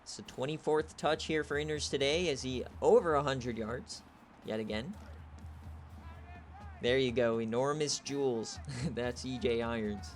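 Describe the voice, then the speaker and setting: A young man giving play-by-play commentary on a video game football stream, excitable and shouting on big plays. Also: mid-range voice, measured pace, soft background music. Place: home setup, streaming.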